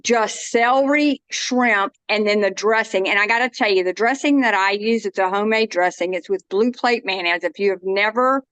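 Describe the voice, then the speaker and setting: A woman's voice: medium pitch, normal speed, hardly any pauses, a bit bright, clean tone, dry recording. A woman, chatting casually and folksily while demonstrating a dish. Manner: chatty, folksy, self-interrupting. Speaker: cooking demo guest.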